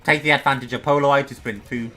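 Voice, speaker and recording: A young man with a bright, forceful voice talks through his game in a relaxed, chatty way, coaching himself and poking fun at his own mistakes. Soft music plays faintly underneath. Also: medium pitch, fast talker. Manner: chatty, self-deprecating, talks to himself while playing. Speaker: gaming streamer. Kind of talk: casual gameplay commentary.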